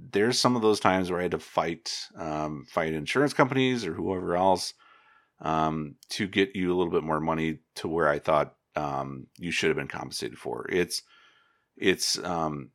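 A man, an agronomist, giving casual advice in a relaxed, rambling way, with many fillers and restarts. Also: sits low, no room sound, clean studio sound.

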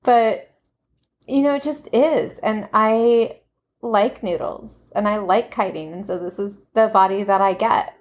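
A woman's voice: mid-range voice, measured pace. A woman co-hosting a podcast, speaking frankly and affectionately in casual conversation. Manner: frank, affectionate, matter-of-fact. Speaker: podcast co-host.

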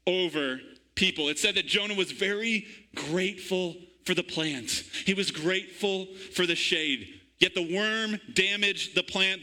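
Male pastor, very bright voice, lively preaching, asks for amens. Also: sits high, low-quality recording. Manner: call-and-response preaching, asks congregation for amen. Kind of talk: sermon. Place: church.

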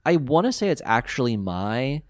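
A man co-hosting a podcast, chatting casually as he recaps an episode and jumps up high when reacting. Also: very animated, normal speed, dry recording, studio quality. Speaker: podcast co-host.

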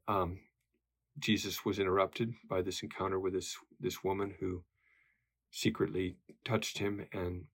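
A man's voice: sits low, slightly rough. A man teaching a Bible study lesson in a conversational way, with many fillers and tag questions.

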